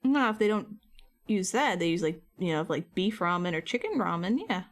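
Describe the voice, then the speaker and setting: A woman's voice: lowish voice, expressive, normal speed. A woman chatting loosely and rambling between topics while she crafts on a live stream. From United States. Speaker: art streamer.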